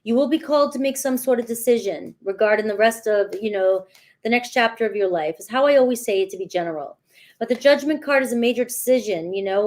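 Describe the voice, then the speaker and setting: A woman's voice: medium pitch, a little mellow. A woman doing a casual tarot reading, chatty and talking straight to her viewers, often checking in with "all right.". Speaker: tarot reader.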